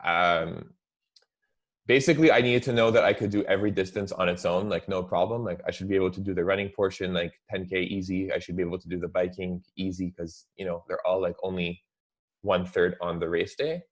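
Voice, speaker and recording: A young man with a very low voice chats casually as a guest on a talk show. He talks in a relaxed, rambling way and leans on "like" at nearly every turn. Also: a little fast. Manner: relaxed, heavy use of "like" fillers. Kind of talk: casual chat.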